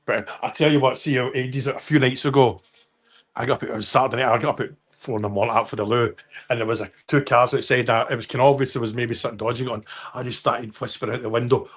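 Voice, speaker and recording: A man's voice: fairly high pitch, a bit bright. Rambling Scottish man chatting on stream. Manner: rambling, chatty, swears, reads out viewer comments. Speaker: livestream host. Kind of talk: casual livestream chat.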